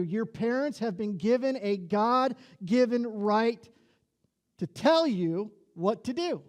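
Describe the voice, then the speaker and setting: A man's voice: high-pitched, animated, unhurried, a little mellow. A male lead pastor with an Upper Midwest American accent, preaching a conversational sermon, chuckling at his own jokes and repeating key lines.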